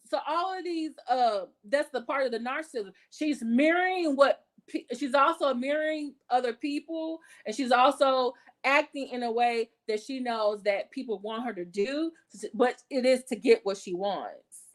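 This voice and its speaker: A woman with a somewhat high voice hosts a casual gossip commentary. She talks bluntly and curses freely. She rambles with fillers and restarts as she works through her points. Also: moderate pace. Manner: blunt and profane, talks with her hands in her words; chatty, with many fillers and self-corrections. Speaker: commentary channel host.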